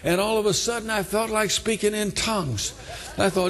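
A man's voice: high-pitched, steady tone, moderate pace, long reverb tail, background noise. A man preaching a testimony sermon, telling his story fervently and breaking in with hallelujahs. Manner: fervent, exclaims hallelujah between lines.

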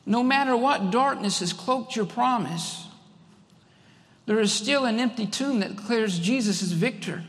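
Fervent preacher in a reverberant hall. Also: male voice, very high-pitched. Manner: fervent, repeats lines for emphasis, rises to shouts. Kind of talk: sermon.

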